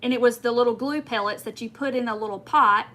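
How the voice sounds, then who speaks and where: A woman with a drawl tells a long story on her crafting livestream, rambling and emphatic as she talks straight to her viewers. Her voice sits a touch high and rings bright. She keeps working on her craft as she talks. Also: fast. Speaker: crafting channel host.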